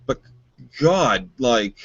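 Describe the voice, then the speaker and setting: A man's voice: mid-range voice, sing-song, extremely slow, breathy edge, no room sound. Emphatic male podcaster, dry muffled sound. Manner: heated, swearing, emphatic opinions. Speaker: podcast co-host. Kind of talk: casual recap chat.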